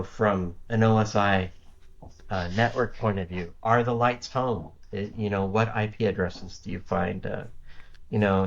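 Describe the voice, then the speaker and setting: A fairly low-voiced man talks as a podcast guest, circling his point with restarts and filler words. The audio is dull and lo-fi, with the top end rolled off. It sounds like an everyday remote call recording. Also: creaky. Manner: rambling, many restarts and "you know" fillers. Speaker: guest cybersecurity architect. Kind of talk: casual interview talk.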